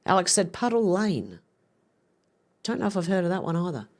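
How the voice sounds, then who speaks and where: A woman's voice: on the low side, big pitch swings, moderate pace, a little mellow. A middle-aged woman hosting a livestream, chatting casually, giggling as she reads viewers' comments aloud. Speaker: livestream host.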